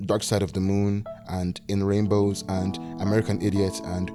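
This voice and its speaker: A man in his twenties from Nigeria, narrating a reflective personal video essay in a soft-spoken way. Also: sits low, flat delivery, moderate pace, music in the background. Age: 20s.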